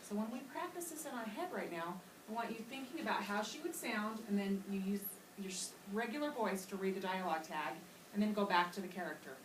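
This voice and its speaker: A woman's voice: medium pitch, expressive, fairly quick. Woman teacher, patient classroom explainer, picked up from afar in an echoey room. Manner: patient, explanatory, models voices for children. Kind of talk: classroom reading lesson. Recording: echoey classroom from far off with loud noise.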